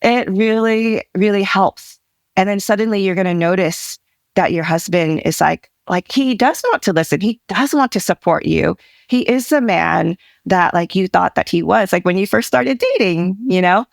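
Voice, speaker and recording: A woman marriage coach talking casually as a podcast guest, animated and quick to laugh, with many fillers. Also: mid-range voice, creaky, dry recording, studio quality.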